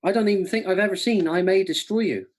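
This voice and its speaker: A man co-hosting a casual online quiz from home, chatty and jokey, reading each question slowly and repeating it. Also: high voice. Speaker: quiz co-host. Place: home room by a window.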